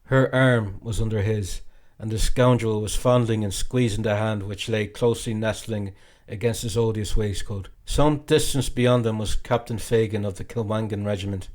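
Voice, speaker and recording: A man reading a classic novel aloud as an expressive, theatrical audiobook narrator. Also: lowish voice, moderate pace. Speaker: audiobook reader.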